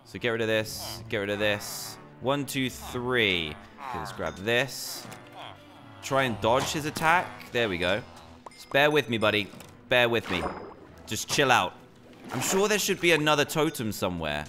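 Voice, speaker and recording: A young British man giving excitable commentary while playing a game. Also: medium pitch, unhurried, music in the background. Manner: excitable, animated reactions. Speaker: gaming YouTuber. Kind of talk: gameplay commentary.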